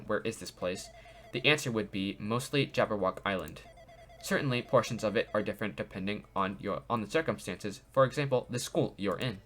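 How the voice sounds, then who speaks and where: A man voicing a calm artificial intelligence program with a polite, explanatory, robot-like manner while reading game dialogue aloud. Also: on the low side, voice pushed down, natural voice.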